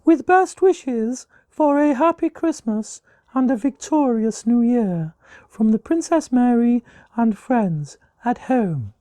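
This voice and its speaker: Guy doing a silly high whispery princess voice, prim and dainty, slooow. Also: expressive, warm tone, no room sound, exaggerated voice. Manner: high breathy falsetto, slow and dainty. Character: prim young princess, woman, gentle and formal.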